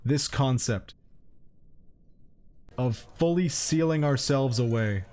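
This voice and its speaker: A man giving casual, wry commentary while he streams a colony game, scolding his characters out loud. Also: slow pace. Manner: wry, talks to his game characters, swings into high-pitched exasperated yelps.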